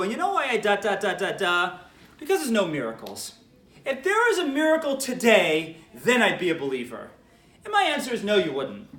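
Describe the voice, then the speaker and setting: A man's voice: high voice, reverberant. A man who is a rabbi, giving an informal lecture, telling stories and acting out the people he quotes. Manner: animated storytelling, acts out quoted voices.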